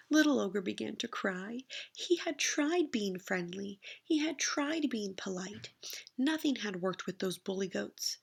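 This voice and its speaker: A woman's voice: medium pitch, gravelly, husky. A woman teacher reading a picture book aloud to kindergartners, telling it expressively. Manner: expressive storytelling, slow and deliberate.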